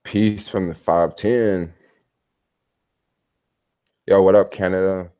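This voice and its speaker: A man's voice: sits low, fairly even intonation, slow, mellow, smooth. A man chatting casually on a livestream from his hotel bedroom, telling stories in a rambling, slangy way. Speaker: travel vlogger.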